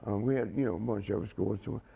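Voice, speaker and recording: A man's voice: lowish voice, racing, creaky, dark tone, breathy edge. A man telling a rambling story as a guest in a casual chat, laughing as he goes. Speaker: wrestling guest.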